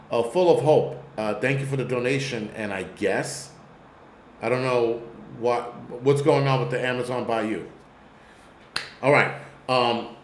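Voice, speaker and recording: A man's voice: mid-range voice, roomy sound, a little hiss or hum. Blunt, profane New York man ranting. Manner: blunt, profane, rambling rant. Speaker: host. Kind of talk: live-stream commentary.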